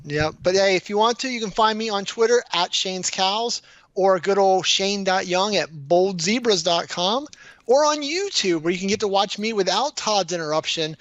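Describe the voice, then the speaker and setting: Male co-host with a high voice, dry close sound, wry and teasing. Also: lively intonation, moderate pace, fairly bright tone, no echo, highs cut off. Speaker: podcast co-host. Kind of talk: casual tech podcast banter. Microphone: headset.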